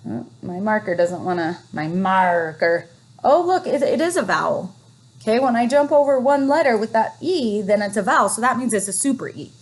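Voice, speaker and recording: A woman teacher leading a phonics lesson for young children, reading words slowly and encouragingly. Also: medium pitch, lively intonation. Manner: slow, encouraging, drawn-out reading.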